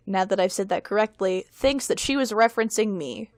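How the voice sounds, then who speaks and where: A woman's voice: mid-range voice, brisk, hardly any pauses, no echo. Young woman guest, self-mocking storyteller, rambling podcast chat, dry close sound.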